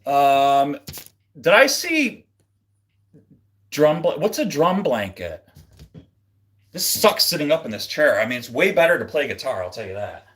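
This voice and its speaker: A man's voice: a little high, very animated, unhurried, long pauses, fairly bright tone. A man hosting a casual livestream, seated and chatting in a laid-back, rambling way, chuckling often between thoughts. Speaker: livestream host and guitarist. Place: home streaming setup, seated.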